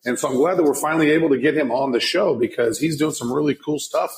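A man's voice: a little high, fast, slight background noise, low-quality recording. A man co-hosting a casual podcast, teasing his partner and mocking himself. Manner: playful, teasing, self-mocking. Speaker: podcast co-host.

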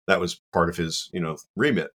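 Low-voiced guy telling a story, animated, pokes fun at himself, lots of you know. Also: brisk. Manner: animated, self-deprecating, many "you know" asides. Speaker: guest. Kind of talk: casual anecdotal storytelling.

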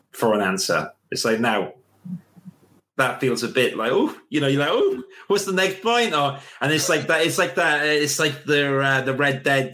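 A young man co-hosting a casual chat show, giving career advice and acting out little scenes in a raised voice. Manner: animated, acts out little scenes in a higher voice.

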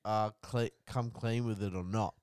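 A man's voice: on the low side, fairly even intonation, moderate pace, a little mellow, smooth, no room sound, studio quality. A young Australian man co-hosting a podcast, brash and emphatic, swearing freely. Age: young adult. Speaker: podcast co-host. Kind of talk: casual crude podcast banter.

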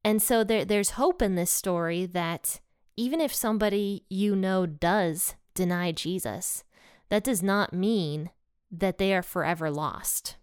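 A woman's voice: medium pitch, unhurried, clean tone, no echo. Woman from Ohio, casual Bible study teacher, chatty storyteller, clean dry close-mic sound. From Ohio, USA.

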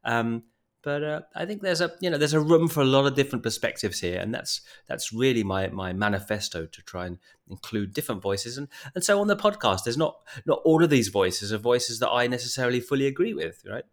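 Rambling fast-talking podcast host. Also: male voice, medium pitch, very animated. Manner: rambling, many restarts and fillers. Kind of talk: casual podcast talk. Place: Bali.

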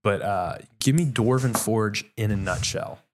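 A man's voice: on the low side, measured pace, a little hiss or hum. A man hosting a podcast, chatting in an upbeat, enthusiastic way. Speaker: podcast host. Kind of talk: casual podcast interview.

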